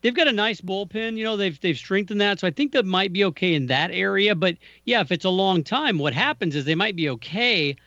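A man co-hosting a casual sports podcast, teasing his partner, animated, often repeating words. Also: high-pitched, fairly quick, hardly any pauses, no room sound. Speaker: podcast co-host. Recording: dry, dull lo-fi sound.

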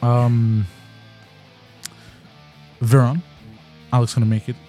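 A man's voice: medium pitch, flat delivery, takes it slowly, warm tone, faint music behind. A man hosting a casual live podcast, talking loosely with slang and swearing. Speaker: podcast host. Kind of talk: casual live-stream chat.

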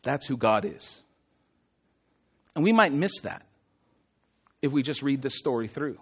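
A male pastor preaching a sermon in an animated, conversational way, often asking his listeners questions. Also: medium pitch, measured pace, husky.

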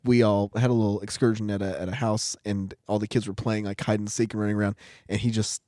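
A man in his thirties, a father of young kids, telling lively stories in casual chat and laughing along. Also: on the low side, fast talker, no room sound, studio quality. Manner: animated, laughing storyteller.

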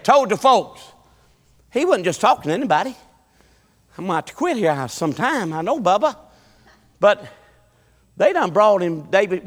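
A middle-aged man, preaching a folksy, animated sermon full of repetition and bursts of song. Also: high voice, long reverb tail.

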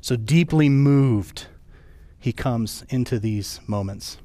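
A man preaching a sermon as pastor, his voice rising high and falling low for emphasis. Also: slow pace, mellow, no echo.

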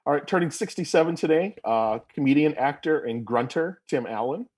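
Husky man reading birthdays casually. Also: on the high side, lively intonation, brisk, a little mellow. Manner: jokey, reads listings with asides. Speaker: podcast co-host reading birthdays. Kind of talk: casual chat.

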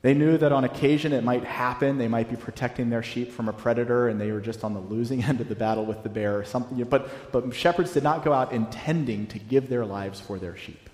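Guy in his 30s preaching a sermon, chatty but repeats stuff slow for emphasis, big echoey church hall. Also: mid-range voice, a little mellow. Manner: conversational, repeats key phrases slowly for emphasis. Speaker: pastor. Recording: echoey hall with long reverb.

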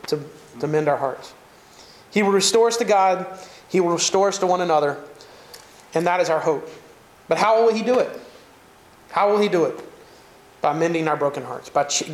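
Animated Southern preacher man, high voice. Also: echoey room. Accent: Southern American. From Southern United States. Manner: animated, conversational preaching with jokes and asides. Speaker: pastor. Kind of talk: sermon.

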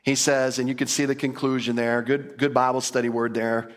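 A man teaching a Bible passage in a lively, conversational way, often repeating words and putting questions to his listeners. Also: mid-range voice, fairly quick. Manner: animated, enthusiastic, repeats words, asks the audience questions.

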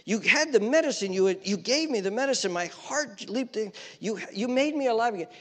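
A male preacher voicing a rescued man who quietly and earnestly thanks the one who saved him. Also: sits high, expressive, big-room sound, pitched above the performer's own voice. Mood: grateful. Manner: soft, earnest, halting.

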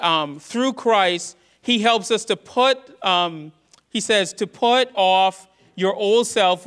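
A man preaching a sermon as pastor to his church, earnest, rising to loud emphasis and dropping to hushed tones. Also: high voice, smooth.

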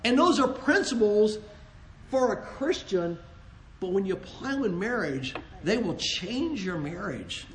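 Brief: high-pitched man, earnest Christian marriage talk with jokes, roomy echo. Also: measured pace, a little hiss or hum. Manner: earnest and animated, joking, with repeated restarts. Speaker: co-host, married couple ministry.

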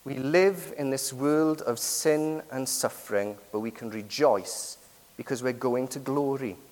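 A man preaching a sermon with lively emphasis, many rhetorical and tag questions to the congregation. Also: medium pitch, a little slow. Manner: lively, rising and falling emphasis. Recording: long hall reverb.

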